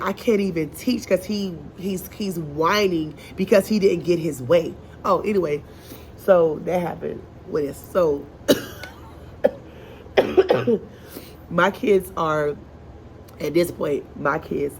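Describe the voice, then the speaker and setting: A woman's voice: lowish voice, slow, long pauses, darkish tone, a little hiss or hum. A woman, a first grade teacher, venting in a casual vlog in her classroom. She talks in an exasperated, chatty way with many asides and sounds congested and short of breath.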